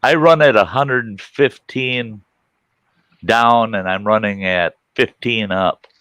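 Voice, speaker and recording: A middle-aged man tells a rambling, folksy anecdote in a relaxed chat, his voice sitting fairly low. He restarts his sentences often and drifts from one thought to the next. The sound is close and dry, with almost no room around it. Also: slow, smooth, dry recording. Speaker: host. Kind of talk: casual storytelling chat on a livestream.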